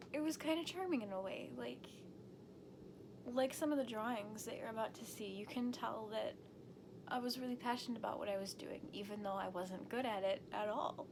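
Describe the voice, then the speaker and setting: A woman's voice: mid-range voice, noisy background. A woman in her twenties vlogging alone, chatty and self-deprecating, often giggling and dropping into whispers. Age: 20s. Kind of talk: casual solo vlog.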